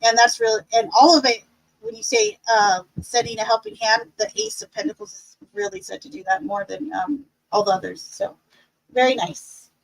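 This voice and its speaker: A high-pitched woman leads a relaxed live-stream tarot class. She is cheerful and encouraging, talking in a chatty way with plenty of fillers. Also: normal speed, gravelly, poor audio. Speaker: tarot teacher.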